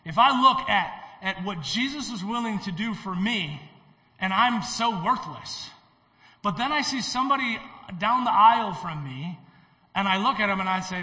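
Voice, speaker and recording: An earnest male pastor exhorts his congregation, often restarting his phrases. His voice is bright and forceful and sits a little high for a man. A long reverb fills the church sanctuary around him. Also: expressive, fairly quick. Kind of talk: sermon and communion service.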